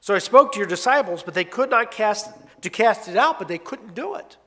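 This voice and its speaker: A man's voice: high-pitched, animated, a little fast, sharp tone, exaggerated voice. A man reading as a desperate pleading father. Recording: long hall reverb.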